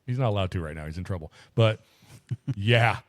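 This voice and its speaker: This male podcast co-host has a voice on the low side and talks at normal speed, recorded cleanly in a studio with no echo. His casual chat is profane, animated storytelling.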